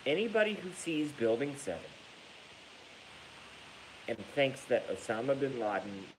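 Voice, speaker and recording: A man's voice: mid-range voice, big pitch swings, measured pace, slight background noise, low-quality recording. A man ranting angrily on a livestream, swearing often and breaking into laughter while reading viewer comments. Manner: angry, profane, breaks into laughter.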